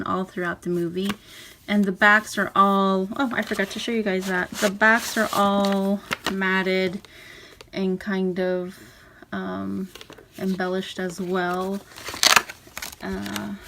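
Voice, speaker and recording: Woman, casual craft walkthrough, relaxed chatty delivery, mid pitch, noisy background. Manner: chatty, relaxed, with fillers and soft laughs. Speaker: crafter showing a handmade journal. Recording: audible background noise.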